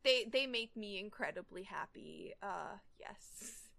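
A woman's voice: medium pitch, lively intonation, slow, gravelly, sharp tone. A young woman hosting a casual fan podcast, gushing enthusiastically and reading fan fiction aloud. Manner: enthusiastic, gushing, filler-heavy. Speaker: podcast host.

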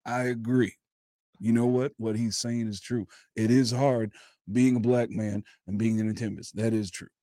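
A man doing an impression of a famous comedian, calm and drawling, with sly, dry put-downs. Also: mid-range voice, normal speed, no echo, pitched below the performer's own voice, lightly acted. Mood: dryly agreeing.

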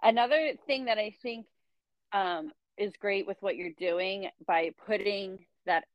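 A woman's voice: medium pitch, unhurried, dry recording. A woman hosts a casual podcast, chatty and supportive, her talk full of little fillers. The sound is dry and close, with a slightly dull, lo-fi tone. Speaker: podcast host, doula.

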